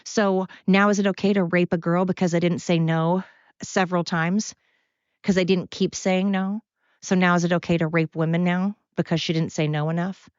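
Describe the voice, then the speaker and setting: A woman's voice: on the low side, flat delivery, normal speed, darkish tone, clean tone, dry recording. A woman hosting a solo podcast, ranting bluntly and profanely in a heated, repetitive way while walking around outdoors. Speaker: podcast host. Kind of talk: casual opinion rant, solo podcast. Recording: dull, lo-fi, dry sound.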